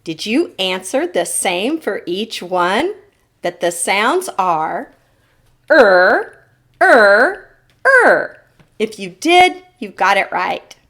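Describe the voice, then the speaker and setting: A woman teacher leads a phonics lesson for children on a televised show. Her pace is slow and unhurried, and her pitch rises and falls a great deal as she models each sound. She asks the children to say the sounds back to her. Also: very animated, a bit bright. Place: TV studio lesson set.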